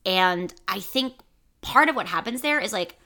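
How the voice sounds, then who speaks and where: A woman co-hosting a podcast in casual chat, talking fast and loosely with lots of fillers. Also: medium pitch, expressive, pushed and bright. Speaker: podcast host.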